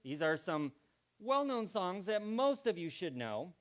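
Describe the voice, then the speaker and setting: A man's voice: high voice, sing-song, a little slow. A man giving a playful, interactive talk to a live congregation, acting out vocal inflections and quizzing the audience. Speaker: guest speaker at a spiritual community gathering.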